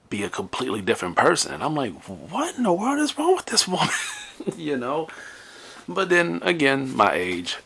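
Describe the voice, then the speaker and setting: A man with a deep, pushed, bright voice hosts a podcast and tells a personal story. This casual storytelling monologue is rambling and conversational, full of restarts.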